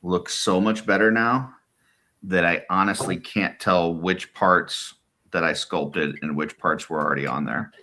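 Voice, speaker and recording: A man's voice: sits low, fairly even intonation, unhurried, bright, forceful tone. A man in his forties in casual chat, with a dry, joking manner. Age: 40s.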